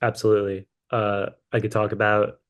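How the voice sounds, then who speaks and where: A man's voice: lowish voice, monotone, a little fast. A man appearing as a podcast guest who tells a road story in a casual, rambling way, full of fillers. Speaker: musician guest.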